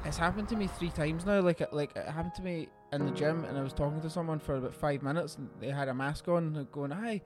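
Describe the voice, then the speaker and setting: A man co-hosting a podcast, chatty and sweary, quick to laugh in casual talk. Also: on the high side, over music. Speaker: podcast co-host. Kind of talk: casual chat.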